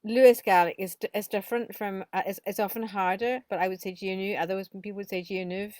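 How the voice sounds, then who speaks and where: A woman chatting in a panel conversation, telling stories quickly with frequent laughs. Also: mid-range voice, steady tone, darkish tone, no room sound, studio quality.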